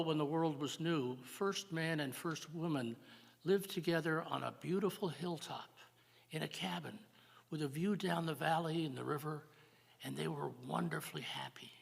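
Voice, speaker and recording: An older man hosting a live church jazz service, announcing events and telling a folk story in a folksy, halting way. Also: on the high side, gravelly. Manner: folksy, halting, with fillers and repeats. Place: church sanctuary. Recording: live church broadcast with long reverb.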